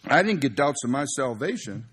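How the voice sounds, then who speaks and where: A man's voice: mid-range voice, sing-song, normal speed, fairly bright tone, a little hiss or hum. A male pastor, preaching a sermon in a folksy, conversational way.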